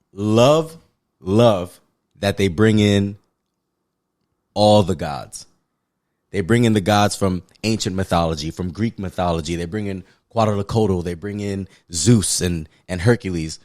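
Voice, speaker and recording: A man's voice: low-pitched, a little slow, long pauses. A man from the Pacific Islands co-hosting a podcast, ranting in casual movie review chat, profane and emphatic. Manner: animated, profane, emphatic love-hate rants. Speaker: podcast co-host.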